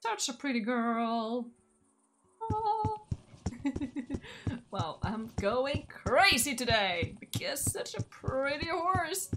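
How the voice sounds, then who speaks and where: A woman's voice: sits high, very animated, drawn-out words, pauses often, over music. A young woman from Norway, chatting casually through her gameplay, gushing and talking to her horse. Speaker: gaming channel host.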